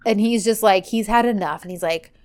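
A woman's voice: medium pitch, fairly quick, darkish tone. A woman casually recapping a TV drama with a co-host, animatedly acting out the characters' lines as she goes. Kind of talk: casual chat.

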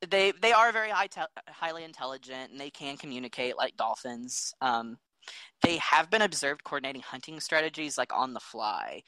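Guy cohosting a podcast, bright voice, earnest explainer, dry close sound. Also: medium pitch, dry recording, low-quality recording. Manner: earnest, explanatory, talks through facts. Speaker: podcast co-host. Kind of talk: casual chat.

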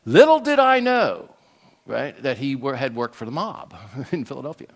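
An older man preaching a sermon in an animated storytelling way, often checking in with "right?". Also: mid-range voice, normal speed. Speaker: pastor.

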